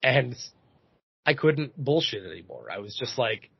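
A man in his thirties, a podcast host, telling a comedic story in an animated, profane way. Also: mid-range voice, a little slow, creaky, slightly rough, dry recording, highs cut off. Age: 30s.

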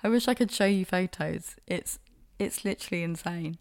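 A young woman sits alone at the mic and tells stories in a casual, animated way, swearing freely. Her voice sits low, with a gravelly, fry-heavy edge. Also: normal speed. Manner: frank, sweary, animated storytelling. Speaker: podcast host. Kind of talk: casual solo storytelling.

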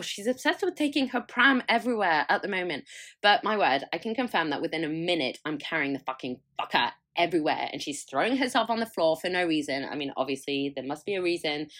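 A young woman hosting a podcast, chatting candidly with a frank, sweary, self-mocking manner and frequent laughter. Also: lowish voice. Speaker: podcast host. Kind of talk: candid solo chat.

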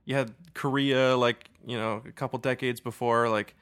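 Bright-voiced man joking sarcastically. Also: mid-range voice, fairly even intonation, moderate pace, clear, resonant tone. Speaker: podcast co-host. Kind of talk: casual chat.

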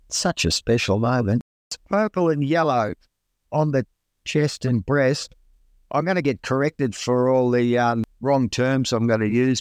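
A man's voice: mid-range voice, dry recording. A middle-aged Australian man recalls his experiences in a chatty, colloquial manner, now and then acting out what he said back then. His voice sits in an ordinary middle range. It is recorded dry, with almost no room sound. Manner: chatty, relaxed, colloquial, acts out his own exclamations. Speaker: guest. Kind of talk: casual storytelling.

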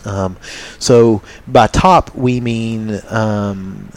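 A man's voice: fairly low pitch, fairly even intonation, very slow. A man co-hosting a podcast in casual chat, rambling and joking with lots of ums. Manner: rambling, jokey, many ums. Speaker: podcast co-host.

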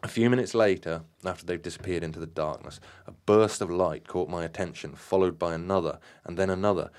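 A man reading his own dramatic account aloud in a measured, slightly halting way, with occasional stumbles over words. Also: deep voice, steady tone, a little mellow. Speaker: storyteller.

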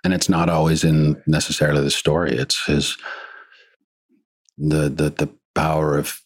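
A male actor chatting as a guest in an interview, telling rambling, animated stories. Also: extremely low pitch, normal speed, slightly rough. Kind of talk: casual interview chat.

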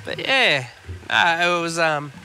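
A laid-back Australian man, very bright and forward in tone and a touch high for a man, chatting and rambling on a fishing podcast. He swears freely as he goes. It's recorded out on a boat, with faint noise underneath. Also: sing-song, takes it slowly. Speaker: podcast co-host. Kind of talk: casual chat. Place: on a boat on the water.

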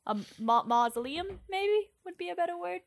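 A woman running a tabletop game as game master, describing the scene in a loose, chatty way and pausing often to search for words. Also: extremely high pitch, expressive, creaky.

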